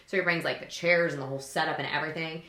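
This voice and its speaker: A woman's voice: low voice, racing, reverberant. A middle-aged woman co-hosting a podcast, telling stories in casual chat and acting out the voices in quotes. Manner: animated storytelling, acts out voices in quotes. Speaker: podcast co-host.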